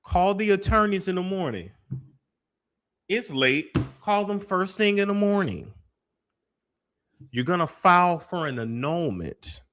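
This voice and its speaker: Animated high-voiced male commentator. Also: unhurried, pauses often. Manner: animated, laughing, profane, incredulous. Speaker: show host and commentator. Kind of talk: reaction commentary.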